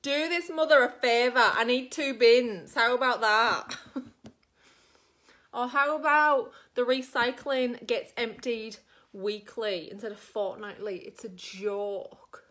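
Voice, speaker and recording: A woman's voice: a little high, slow pace, a bit bright. A middle-aged woman with an Australian accent, doing her makeup on camera and telling a long rambling story full of fillers. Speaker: makeup vlogger.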